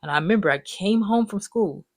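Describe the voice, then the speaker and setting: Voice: medium pitch, animated, brisk, gravelly, no echo. A person in their twenties telling life stories in a loose, rambling, profane way, full of slang. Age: 20s. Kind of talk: casual storytime monologue.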